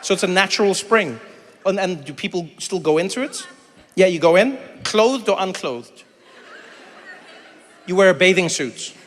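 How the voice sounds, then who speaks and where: A man from South Africa works a crowd in a big hall, his voice high and bright. He tells animated stories and slips into quick impressions of other people. Long reverb trails behind him, with faint room noise underneath. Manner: animated storytelling, mimics voices, chats with audience. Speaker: stand-up comedian. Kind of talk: stand-up comedy with crowd work. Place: large venue with live audience.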